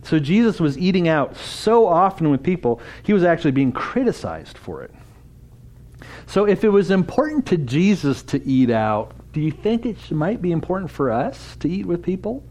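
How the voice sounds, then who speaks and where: A man's voice: a little high, very animated, normal speed, darkish tone. Conversational man preaching to a conference. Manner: conversational, asks the audience questions. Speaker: conference speaker. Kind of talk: interactive church talk.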